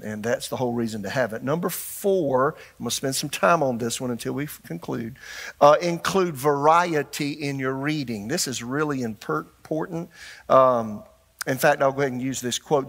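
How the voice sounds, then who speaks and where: An older man preaching a sermon as pastor, animated and shifting his delivery, putting questions to the congregation. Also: medium pitch.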